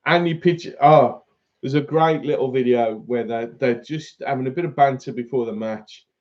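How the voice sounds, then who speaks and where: Male host, casual and chatty, average pitch, lo-fi recording. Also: normal speed. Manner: chatty, laughs often, reads out viewer comments. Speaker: fishing channel host. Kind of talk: casual live-stream chat.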